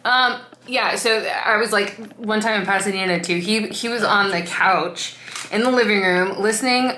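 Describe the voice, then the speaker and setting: In an echoey space with faint noise, a woman vlogger casually tells stories, laughing and filling gaps with filler words. Her voice is medium in pitch and sharp in tone, at a moderate pace.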